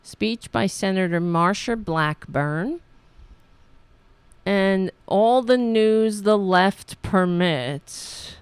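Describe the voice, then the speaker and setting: A woman's voice: mid-range voice, drawn-out words, smooth, no room sound. A woman hosting a casual political livestream, blunt, sarcastic and profane, who often halts to search for her words. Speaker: livestream host.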